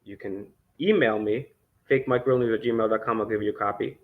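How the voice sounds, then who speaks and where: Fairly low and fairly even in intonation, this man talks fairly quickly as he vlogs as an independent news host. He reads documents aloud and adds sarcastic, indignant commentary laced with frequent swearing. The recording is dull and lo-fi.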